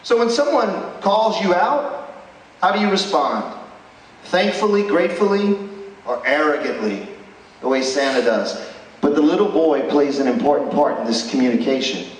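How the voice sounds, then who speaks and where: A man's voice: a little high, animated, moderate pace. A man preaching a sermon at a school chapel, emphatic and full of rhetorical questions. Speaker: chapel speaker. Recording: echoey hall, distant mic.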